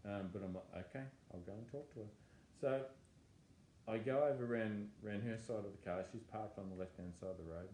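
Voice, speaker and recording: A man telling a personal testimony, animated and stammering as he acts out his own thoughts. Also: fairly low pitch, fairly quick, a little hiss or hum. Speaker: testimony speaker. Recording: echoey room with faint ambience.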